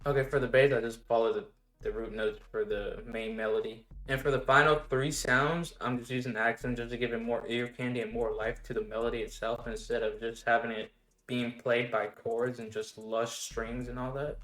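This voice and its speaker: A man casually walking through his production steps one by one in a relaxed tutorial, with the odd filler word. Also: medium pitch, moderate pace. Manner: relaxed step-by-step explaining with fillers. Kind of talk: casual screen-recorded tutorial. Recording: roomy echo. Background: faint music playing.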